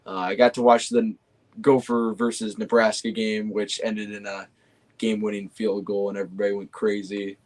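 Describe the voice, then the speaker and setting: A young man talks in an easygoing, unhurried way, his voice sitting on the low side. He hesitates often, stacking fillers and restarting sentences as he chats. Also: flat delivery, a little mellow. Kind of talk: casual chat.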